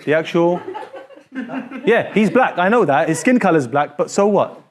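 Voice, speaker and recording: In a high voice and at an unhurried pace, a male teacher lectures his class with animation. He keeps pressing the students with questions like "so what?" and "why is that important?"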